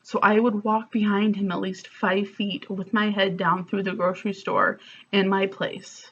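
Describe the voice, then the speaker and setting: A woman's voice: medium pitch, flat delivery, a little slow, a bit bright, slightly rough, highs cut off. A woman telling a personal story in a confessional vlog, candid and emotional, with lots of fillers. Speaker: vlogger.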